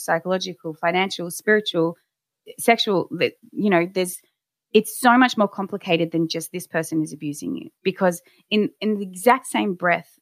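A woman with a low-pitched voice recounts her own experiences in a candid, reflective way, often restarting her sentences. The sound is dry and close, with no room echo. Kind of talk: personal storytelling.

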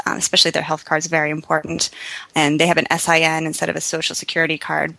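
Guest founder, woman, bright lower voice, dry close sound, animated storyteller. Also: creaky, no echo, poor audio. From United States. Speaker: guest entrepreneur. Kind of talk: interview.

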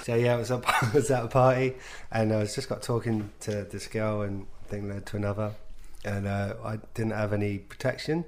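A man's voice: fairly low pitch, fairly even intonation, a little fast, few pauses. A man co-hosting a comedy podcast, trading crude banter and breaking into giggles mid-story. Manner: giggly, laughs through his stories. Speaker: podcast co-host.

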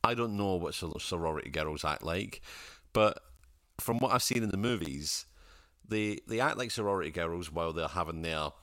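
A man co-hosting a casual film review chat, animated and laughing, acting out lines in silly voices. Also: sits low, moderate pace, dry recording, studio quality. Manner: animated, laughing, acts out quotes in funny voices. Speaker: podcast co-host.

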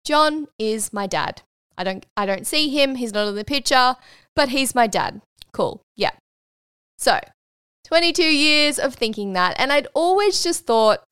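Australian woman, 20s, podcast host; candid, lively storytelling with swearing; slightly high, smooth voice, dry close recording. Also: a little fast, no room sound. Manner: frank, animated, swears freely. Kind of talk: casual storytelling monologue.

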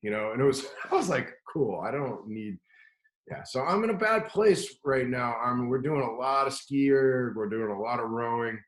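A man's voice: medium pitch, lively intonation, moderate pace, few pauses. Rambling man in a roomy space. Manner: rambling, profane, lots of "like" and restarts. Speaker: podcast guest telling a story. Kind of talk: casual chat.

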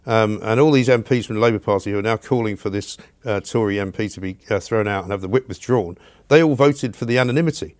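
A man's voice: lowish voice, a little mellow, no room sound, studio quality. A man from London hosting a radio podcast, blunt and opinionated in casual chat. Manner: blunt, opinionated, fast-talking. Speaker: radio host.

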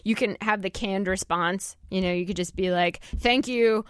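A woman's voice: on the low side, flat delivery, moderate pace, dry recording, clean studio sound. A woman with a New Jersey accent hosting a radio show, chatting casually and laughing often.

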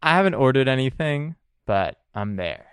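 A man in a tabletop game who talks in halting, awkward bursts, stumbling and restarting his sentences. His pitch moves about a lot, and his voice is smooth and clear. The recording is dry and close. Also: big pitch swings, a bit bright, no echo. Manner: hesitant, stammering, awkward. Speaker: player. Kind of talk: playing a tabletop game in character.

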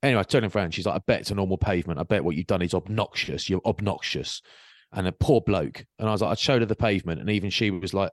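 A man's voice: low-pitched, fast, no echo. Chatty man on a dry call. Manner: animated storyteller, acts out quotes. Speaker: podcast co-host. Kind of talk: casual chat. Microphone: video call.

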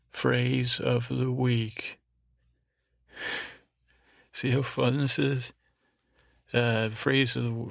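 A man's voice: medium pitch, creaky, no room sound. A man hosting a bedtime podcast, rambling along and stumbling over foreign words as he reads them out. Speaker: podcast host.

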